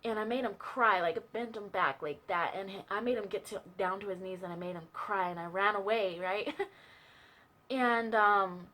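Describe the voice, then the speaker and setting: A woman's voice: mid-range voice, moderate pace, sharp tone. A young woman telling a personal story in a chatty, casual way, full of fillers and asides. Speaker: vlogger sharing a testimony.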